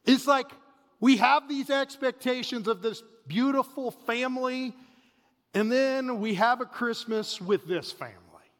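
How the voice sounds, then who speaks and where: High-voiced pastor in a reverberant hall. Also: male voice, a little slow. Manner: animated, swings between loud bursts and hushed asides. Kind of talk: sermon with storytelling.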